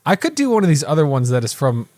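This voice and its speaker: A man co-hosting a movie podcast in casual chat, chatty and quick to laugh. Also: fairly high pitch, very animated, a little mellow, no room sound, clean studio sound. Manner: chatty, reads reviews aloud, laughs easily. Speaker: podcast co-host.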